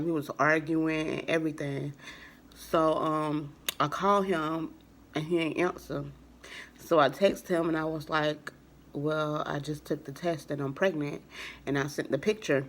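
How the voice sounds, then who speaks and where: A young woman vlogger telling a personal story in a casual, rambling way. She uses lots of fillers and keeps acting out what people said with "I was like.". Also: sits low.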